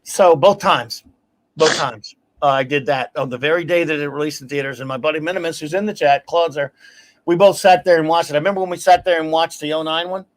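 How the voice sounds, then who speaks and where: A man hosting a casual talk show, telling stories in an animated, ranting way and laughing as he goes. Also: on the high side, fast. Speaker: podcast host. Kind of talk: casual chat.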